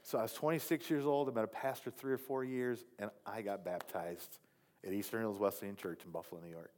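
This man's sermon rests on a personal testimony; he recounts it with energy and turns quiet and sincere when repeating what he once said. The voice is fairly low and steady, with a brisk pace.

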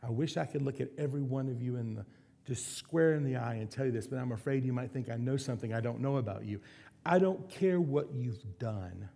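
A middle-aged male pastor delivering a sermon in an earnest way. His voice is dark and mellow with a gravelly edge. He often slows down and drops to a soft, quiet tone to let a point sink in. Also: medium pitch. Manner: earnest, slows and softens for emphasis.

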